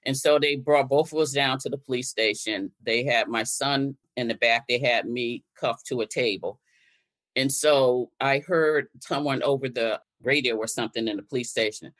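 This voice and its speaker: Speaking at a normal speed in a rumbling low voice, this older woman from Connecticut tells her story as a guest and activist. She brings the conversations she quotes to life by acting them out.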